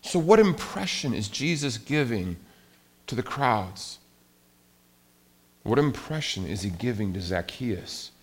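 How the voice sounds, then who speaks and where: Mid-pitched male pastor, chatty animated preaching that swings from hushed to loud. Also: slow pace, long pauses, breathy edge. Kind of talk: sermon.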